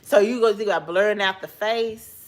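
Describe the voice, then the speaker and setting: A woman's voice: medium pitch, fairly quick. A woman hosting a casual livestream chat, sleepy and yawning, laughing often as she talks with someone beside her. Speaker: livestream host.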